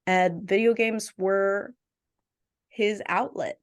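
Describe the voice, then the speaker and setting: A woman hosting a podcast, chatting casually and telling family stories with quick asides. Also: mid-range voice, fairly even intonation. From family from Jamaica. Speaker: podcast host. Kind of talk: casual chat.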